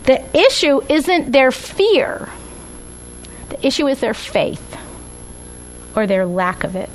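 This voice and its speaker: Woman with a high voice giving a bible study talk, chatty, keeps asking "right?". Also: sing-song, takes it slowly, a little hiss or hum, low-quality recording. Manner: conversational, tags points with "right?" and "okay?". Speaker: Bible teacher. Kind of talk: Bible study lecture with slides.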